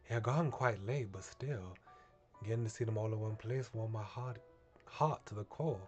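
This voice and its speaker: A man streaming a visual novel, reading its narration aloud in a measured, earnest way. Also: fairly low pitch, darkish tone, lo-fi sound, soft background music. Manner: measured, earnest, with small restarts.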